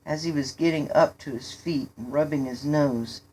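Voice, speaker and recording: A woman reading a children's story aloud in a steady, unhurried way. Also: low-pitched, a little hiss or hum. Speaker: reader.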